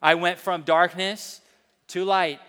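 A middle-aged man preaching as a pastor, telling stories with emphasis and reading scripture slowly and deliberately. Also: high voice, flat delivery, sharp tone, clean tone, long reverb tail. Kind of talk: sermon.

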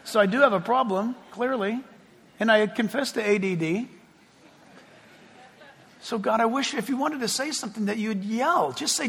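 A man preaching a sermon as pastor, talking conversationally and joking, swinging between loud and hushed. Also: extremely high pitch, moderate pace, vocal fry, pauses often, breathy edge. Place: church sanctuary. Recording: long hall reverb.

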